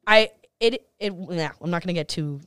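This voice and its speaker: A woman in her thirties, a DJ talking as a guest on a podcast, animated and outspoken, swearing freely and peppering her talk with "like". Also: on the low side, smooth. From Boston area scene. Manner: animated, swearing, talks in rushes with many "like"s. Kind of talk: casual podcast conversation.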